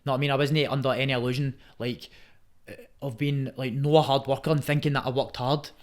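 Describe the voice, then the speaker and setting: A man's voice: medium pitch, level tone, fairly quick. A young man with a Scottish accent, chatting as a podcast guest, swearing a lot, emphatic, and ending nearly every sentence with "mate". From Scotland. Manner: says mate constantly, swears heavily, emphatic. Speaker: guest, Muay Thai fighter. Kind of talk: casual podcast chat.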